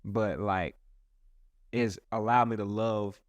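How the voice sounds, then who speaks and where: A man's voice: on the low side, fairly even intonation, slow pace, no echo, highs cut off. A man who is a pastor, talking earnestly and casually in a rambling way with many restarts. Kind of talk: casual podcast chat.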